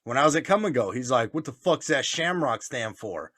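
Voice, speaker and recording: A man's voice: medium pitch, lively intonation, brisk, fairly bright tone, no echo, clean studio sound. A man telling stories in casual chat, swearing often, laughing, and acting out what others said. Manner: profane, laughing, acts out voices in stories. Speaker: podcast co-host.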